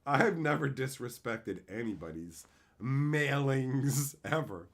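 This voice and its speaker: A man chatting casually with his livestream viewers, crude and joking, swearing freely as he tells animated bits. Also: mid-range voice, slow pace. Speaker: streamer answering chat.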